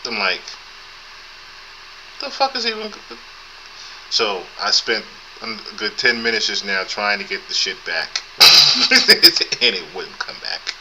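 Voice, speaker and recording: A man's voice: lowish voice, fairly even intonation, normal speed, sharp tone, slight background noise, poor audio. A man in his thirties with a thin voice, hosting a live podcast in a casual, laid-back, profane way and chuckling often, recorded on a camera's built-in mic. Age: 30s. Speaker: podcast host. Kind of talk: casual live-stream chat.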